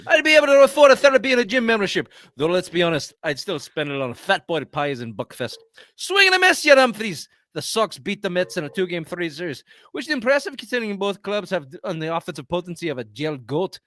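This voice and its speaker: A man putting on a wobbly mock Scottish accent to voice a crude, foul-mouthed sports ranter in a loud comic rant. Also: high voice, sing-song, quick pace, no room sound, clean studio sound, pitched above the performer's own voice. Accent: mock Scottish, drifting Irish and French.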